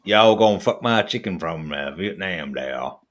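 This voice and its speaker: A crude backwoods man drawls his words slowly, well below his usual pitch, as a man puts him on. It is a rough, jokey impression. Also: lively intonation, a bit bright. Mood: mocking.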